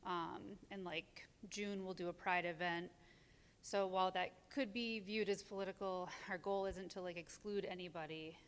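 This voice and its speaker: Woman guest speaker, clear resonant voice, unsure and halting, in a long-reverb hall. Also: on the low side, fairly even intonation. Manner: hesitant, many ums, nervous laughs. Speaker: community group organizer, guest. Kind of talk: casual on-stage interview. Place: church sanctuary.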